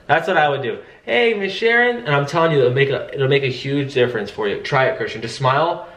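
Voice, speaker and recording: A man's voice: mid-range voice, quick pace, fairly bright tone, roomy sound. A man coaching sales agents in a casual way, acting out friendly phone greetings. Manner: acts out upbeat phone greetings. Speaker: sales trainer.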